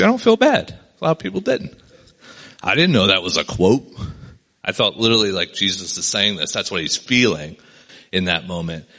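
A man's voice: on the low side, fairly bright tone. A man giving a casual, conversational sermon to a gathered group, often checking in with "right?" as he reads and explains a passage. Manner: conversational, keeps asking "right?". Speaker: pastor.

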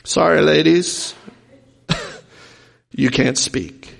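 Male preacher, high gravelly voice, chatty sermon style, hall reverb. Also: drawn-out words, a bit bright. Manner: conversational, jokey asides, acts out quoted voices. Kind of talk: informal sermon.

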